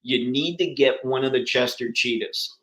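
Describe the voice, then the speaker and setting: A man's voice: mid-range voice, normal speed, a bit bright, echoey room, rough recording. A man hosting a casual livestream chat, talking enthusiastically and answering viewers by name. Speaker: livestream host.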